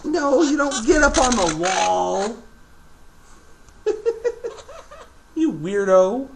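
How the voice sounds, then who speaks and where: A man's voice: high-pitched, lively intonation, very slow, creaky, long pauses, a little hiss or hum. A man filming a casual home video, chatting to his pet birds in a sing-song baby-talk voice.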